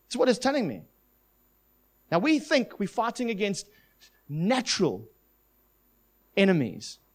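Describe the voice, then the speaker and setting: A man preaching a sermon, telling a testimony in an animated storytelling manner. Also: high voice, unhurried. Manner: animated storytelling, voices quoted demons.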